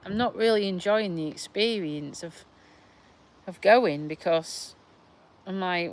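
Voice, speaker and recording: A middle-aged woman from Lincolnshire with a South Yorkshire twang, chatting casually on a livestream from her back garden, rambling and sighing as she answers viewers. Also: fairly low pitch. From Lincolnshire, England. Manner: slow, rambling, sighing, talks to viewers' comments. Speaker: vlogger on a livestream.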